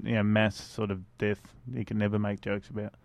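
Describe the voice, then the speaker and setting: A man's voice: fairly low pitch, monotone, moderate pace, vocal fry, dry recording. A man hosting a breakfast radio show, chatting and joking easily with his co-hosts in the studio. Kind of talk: casual banter on breakfast radio. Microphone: studio microphone.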